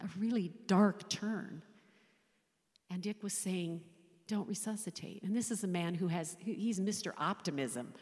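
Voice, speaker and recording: A woman in her sixties, a chaplain, giving an emotional personal faith testimony, speaking haltingly and often dropping to a whisper. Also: lowish voice, darkish tone. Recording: long hall reverb.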